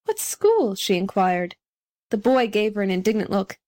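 A woman narrating a storybook audiobook in an even, clear storytelling manner. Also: medium pitch, moderate pace.

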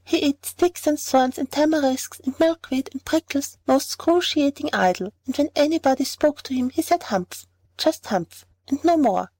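A woman narrating a storybook fable in a clear, even reading voice. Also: high-pitched, moderate pace, few pauses, dry recording. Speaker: audiobook narrator.

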